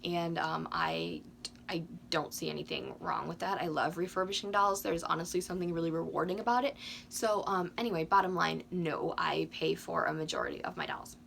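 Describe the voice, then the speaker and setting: A woman in her twenties chatting casually to camera with lots of ums, a little hoarse from losing her voice. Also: on the low side, fairly even intonation, fairly quick, fairly bright tone, a little hiss or hum. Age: 20s. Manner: chatty, frequent ums, candid. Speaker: doll collecting YouTuber.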